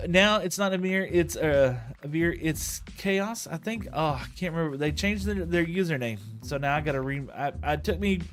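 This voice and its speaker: Guy rambling on his game stream, keeps restarting his sentences, bit of music in the background. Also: on the high side. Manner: rambling, chatty, self-correcting with frequent chuckles. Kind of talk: casual gameplay stream chat.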